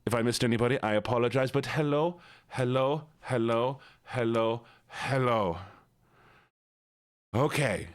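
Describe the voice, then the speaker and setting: A man's voice: medium pitch, unhurried, clean tone. A man streaming live, casually chatting and playfully greeting his viewers one by one. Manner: chatty and joking. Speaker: livestreamer. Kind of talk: casual livestream chat.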